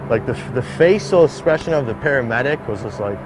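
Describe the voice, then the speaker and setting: A man's voice: medium pitch, animated, fairly quick, noisy background. A young man telling a personal story in an interview, peppering it with "like". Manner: heavy use of "like", acts out quoted voices. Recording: interview clip with music underneath.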